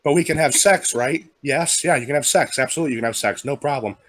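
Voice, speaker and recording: A man's voice: medium pitch, fairly bright tone, no room sound. A man telling long jokes in a casual group chat, moving easily through the setups. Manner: smooth storyteller, quick voice changes for quoted characters. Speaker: podcast regular telling jokes.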